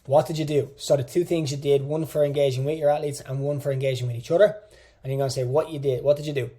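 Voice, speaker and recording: Fast and warm, this medium-pitched male voice keeps a fairly even intonation. He's a fitness coach teaching an online coaching course lecture in a direct, casual manner, driving points home through repetition.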